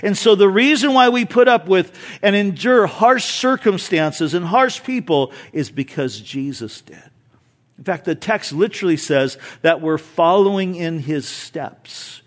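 Man, pastor, sermon, high-pitched voice, conversational, animated, loud-to-soft swings, rhetorical questions. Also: unhurried. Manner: animated, swings between loud emphasis and soft low asides.

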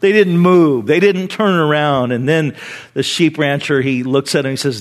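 Animated, high-voiced male preacher. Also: moderate pace. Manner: animated storytelling, conversational. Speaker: pastor. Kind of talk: sermon.

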